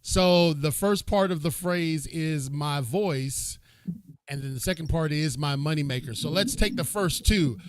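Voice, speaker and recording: A man's voice: fairly high pitch, measured pace, dry recording. A man hosting an online summit. He introduces the guest and leads the audience in a call-and-response, in a deferential, upbeat way. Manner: deferential, upbeat, says yes sir. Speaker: summit host.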